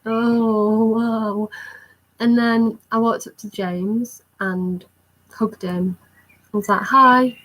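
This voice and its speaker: Excitable young woman vlogger. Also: medium pitch, poor audio. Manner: excited, rambling recounting with many fillers. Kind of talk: storytime vlog.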